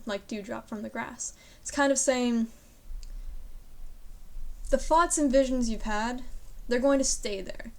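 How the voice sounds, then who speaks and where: A young woman student reads poems aloud and then explains them in an informal way, hedging with many fillers and adding self-deprecating asides. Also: on the high side. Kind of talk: poetry reading and casual explanation.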